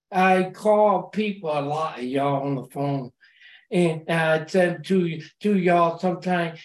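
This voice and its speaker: A woman's voice: fairly low pitch, slow pace, reverberant. A woman sharing at a support group meeting, encouraging the room as she speaks, often repeating words as she restarts. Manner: warm, encouraging. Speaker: recovery meeting member.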